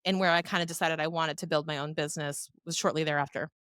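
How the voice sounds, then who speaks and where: Woman, 30s, podcast guest, animated storyteller, lower voice, dry recording. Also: fast, clean tone, dry recording. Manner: animated storyteller who acts out quoted voices. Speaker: finance professional. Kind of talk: casual interview talk.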